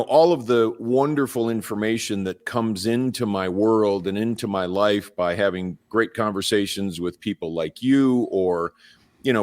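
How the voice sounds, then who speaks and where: Male podcast host, reflective, rambling, lowish voice. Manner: reflective, rambling with many restarts. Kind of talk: podcast conversation.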